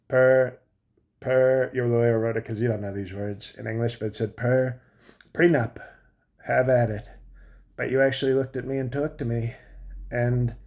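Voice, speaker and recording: A man's voice: mid-range voice, a little mellow, natural voice. A man doing a boastful rambling old president. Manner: rambling, boastful, trails off and restarts mid-thought. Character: boastful rambling older male president, 78, self-admiring. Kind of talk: comic impression monologue.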